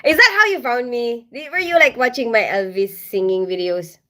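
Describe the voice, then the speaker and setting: A woman's voice: on the high side, normal speed, sharp tone. A middle-aged woman from the Philippines hosting a casual livestream from home, reading comments and greeting viewers by name with frequent laughter. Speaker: livestream host.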